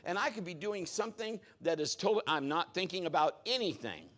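Middle-aged man, pastor delivering a sermon, slightly high voice, animated and story-driven. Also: fairly quick. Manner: animated storytelling, acts out quotes with big pitch jumps.

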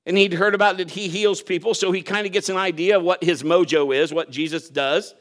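Man, preacher, sermon storytelling, bright forceful voice, high pitch. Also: a little fast. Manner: lively storytelling, acts out quotes, laughs at himself.

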